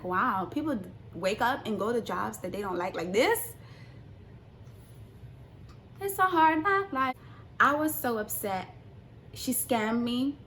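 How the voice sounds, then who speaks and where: Young woman vlogger, casual storytime, animated, acts out dialogue, soft hiss behind. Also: mid-range voice. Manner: animated, acts out quotes, swings between hushed and loud.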